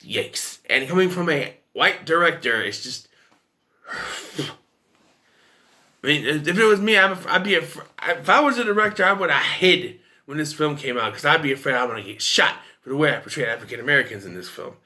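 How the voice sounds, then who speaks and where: A man with a very bright, sharp voice talks through a film review in a loose, rambling way. He is openly opinionated, his pitch sits a little high and swings widely as he makes his points. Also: expressive, normal speed. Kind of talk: casual video review.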